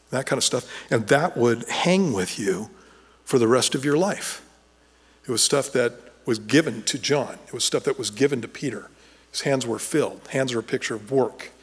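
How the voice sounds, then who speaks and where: A man at mid pitch preaching in a church sanctuary, his voice trailing off into long reverb. He teaches in an easygoing, conversational way and repeats words as he restarts his thoughts. He grows animated when he retells a scene. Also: slightly rough. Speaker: pastor. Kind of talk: sermon.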